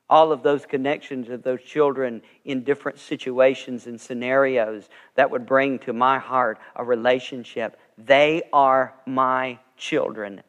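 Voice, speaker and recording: A man's voice: mid-range voice, fairly bright tone. A man preaching a sermon as pastor, telling stories earnestly and swelling with emphasis. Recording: long reverb of a large sanctuary.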